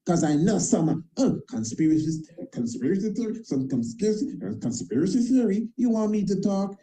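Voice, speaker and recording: On a rough recording, a man with a high, sing-song, dark voice talks at normal speed with few pauses. He is a priest and internet show host in an impassioned monologue, emphatic and repetitive, leaning on informal grammar and tag questions.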